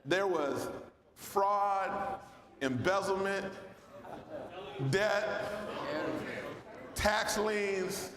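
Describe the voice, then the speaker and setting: A man's voice: sits high, steady tone, drawn-out words, pauses often. A man, a former mayor, giving a loose, folksy speech at a luncheon and calling out to the crowd. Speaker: founding mayor and speaker. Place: large banquet hall. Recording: echoey hall with long reverb.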